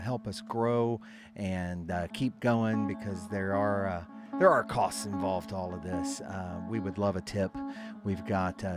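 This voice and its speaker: A man hosting his band's live stream in casual chat, rambling with many fillers and frequent laughs. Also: on the low side. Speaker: band member and stream host.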